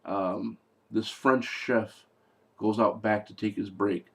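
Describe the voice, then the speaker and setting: A man's voice: on the low side, fairly even intonation, slow, vocal fry, fairly bright tone. A man giving a casual spoken movie review, sarcastic and exasperated, rambling with fillers and restarts.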